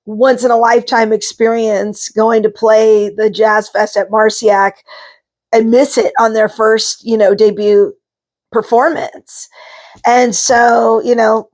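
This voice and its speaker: A middle-aged woman in a relaxed solo vlog, talking in a chatty, rambling way. Her voice sits a little high for a woman. She fills pauses with ums and quick asides. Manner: chatty, rambling, with frequent fillers. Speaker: vlogger, psychic card reader. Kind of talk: casual monologue to camera.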